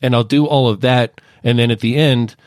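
A man working as an associate producer, calmly walking through his podcast editing process step by step in a casual chat. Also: mid-range voice, normal speed, no echo, studio quality. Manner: detailed, methodical step-by-step explaining.

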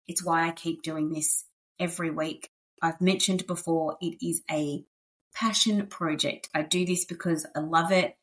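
A woman's voice: fairly low pitch, fairly bright tone. A woman hosting a podcast in a chatty, upbeat way, full of fillers and asides. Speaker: podcast host. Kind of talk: casual chat.

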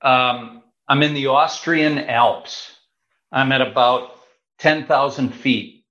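A man in his fifties telling a story in an animated, chatty way, with fillers along the way. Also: mid-range voice, takes it slowly. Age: 50s. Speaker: guest. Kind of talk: casual storytelling. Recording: roomy, slightly dull sound.

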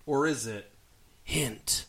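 A man's voice: medium pitch, slow pace, a bit bright, husky. A man hosting a podcast movie-tagline quiz, playful and teasing, laughing often between questions. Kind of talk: casual podcast banter.

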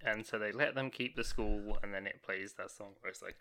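A man's voice: on the low side, fairly quick, sharp tone. A man co-hosting a podcast, chatting in an easygoing way and laughing easily. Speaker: podcast co-host. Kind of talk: casual chat.

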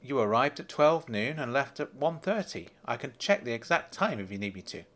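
A man's voice: mid-range voice, lively intonation, normal speed, a bit bright. A man voicing a polite, deferential male bank manager in a storybook reading. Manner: courteous, deferential, apologetic.

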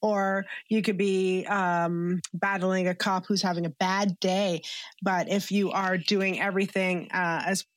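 A woman's voice: medium pitch, flat delivery, a little slow. A woman from Canada, a comedian guest on an interview show, talking candidly with frequent fillers and laughter. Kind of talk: casual interview chat.

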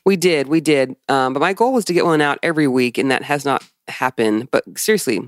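A woman's voice: a bass voice, a little fast, dry recording, studio quality. A woman co-hosting a podcast, chatting casually and rambling a little as she talks. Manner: rambling, self-deprecating. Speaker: podcast co-host. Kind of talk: casual chat.

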